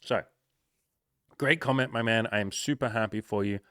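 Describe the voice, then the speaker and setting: Man, dating coach, casual frank monologue, swears freely, lowish voice, dry close sound. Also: moderate pace, fairly bright tone, no room sound.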